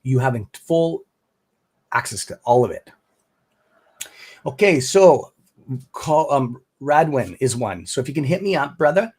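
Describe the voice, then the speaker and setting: A man's voice: medium pitch, very animated, unhurried, long pauses, darkish tone, slightly rough. Rambling Canadian man on a live stream. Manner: rambling, friendly, calls viewers brother and bud. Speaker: stock trading stream host. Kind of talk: casual live-stream chat.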